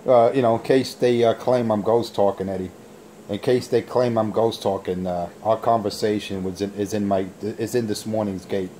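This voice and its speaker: A low-voiced man with a dark, mellow tone keys up his handheld radio mic to taunt the other operators. He boasts, mocks and drags his words out in a lazy drawl, sounding completely sure of himself. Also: fairly even intonation, normal speed, slight background noise. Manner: boastful, taunting trash talk. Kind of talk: on-air radio banter.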